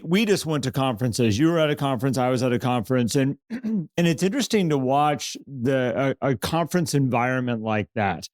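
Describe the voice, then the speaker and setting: A man's voice: medium pitch, darkish tone, dry recording, studio quality. A man co-hosting a podcast, telling stories in casual conversation, animating the quotes he retells and restarting his sentences often. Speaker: podcast co-host.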